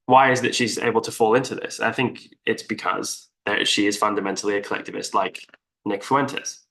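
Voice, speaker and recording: Bright-voiced man making an argument. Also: fairly low pitch, fairly even intonation, a little fast, vocal fry. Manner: argumentative, explains at length. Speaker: podcast co-host. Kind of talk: casual political discussion.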